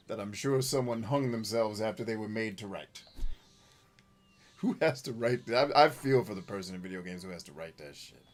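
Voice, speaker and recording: A man hosting casual gameplay commentary, joking crudely and yelling at characters on screen. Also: lowish voice, normal speed. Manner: crude, goofy joking, shouting at the game. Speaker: gaming channel host.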